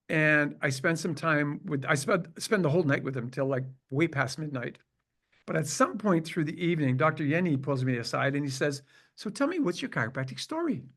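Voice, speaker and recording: A Canadian man in his sixties, a chiropractor guest telling a long personal story in an interview and acting out the lines of the people in it. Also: a little high. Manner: animated storyteller who acts out quoted dialogue.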